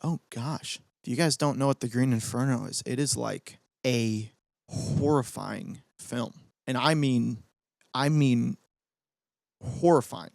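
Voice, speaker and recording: A young man hosting a podcast, ranting excitably about movies with swearing and gloating. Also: mid-range voice, takes it slowly, gravelly, no room sound, clean studio sound. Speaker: podcast host. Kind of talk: casual ranting commentary.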